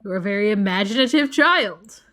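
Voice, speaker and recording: A woman voicing a warm, corny middle-aged single dad in a video game, with dorky jokes and a mock announcer tone. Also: medium pitch, lively intonation, fairly quick. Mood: fond.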